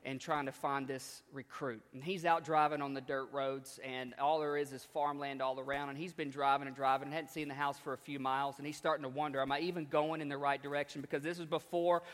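Emphatic preacher in a reverberant hall. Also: male voice, mid-range voice, level tone, a little fast, few pauses, a bit bright. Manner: repetitive, emphatic, conversational. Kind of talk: storytelling sermon.

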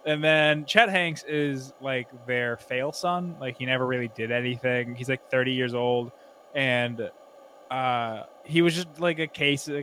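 A man talks in loose comic banter, his voice bright and forceful. He rambles through filler words and jumps into goofy impressions, with a faint hiss in the background. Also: medium pitch, measured pace. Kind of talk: casual comedic chat.

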